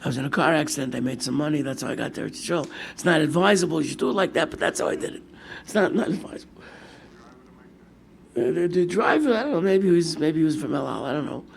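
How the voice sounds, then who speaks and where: Slightly high, fast, and gravelly, this older man's voice comes with a little hiss or hum in the recording. He's an American rabbi in a Torah class, acting out the figures in his sermon stories with vivid quoted asides in Hebrew and Yiddish.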